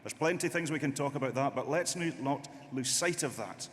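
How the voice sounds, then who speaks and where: A man's voice: medium pitch, animated, brisk. A man giving an impassioned, rhetorical political speech at a conference, repeating his points for emphasis. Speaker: conference delegate speaker. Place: large conference hall. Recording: long hall reverb, faint noise.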